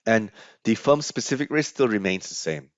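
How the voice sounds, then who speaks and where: A man's voice: on the low side, animated, moderate pace, no echo. A man lecturing on finance over slides, explaining step by step with frequent fillers and restarts. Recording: dry, slightly dull lo-fi audio.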